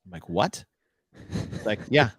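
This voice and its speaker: Podcast co-host, male, animated storyteller who voices the people in his story, dry close mic. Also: fairly low pitch, measured pace, husky, dry recording. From United States. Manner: animated storyteller acting out dialogue. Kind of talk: casual storytelling chat.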